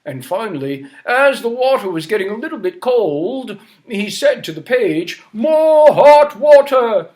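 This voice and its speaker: A male storyteller telling children's stories, animated and inviting listeners to repeat lines. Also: high-pitched, normal speed, few pauses.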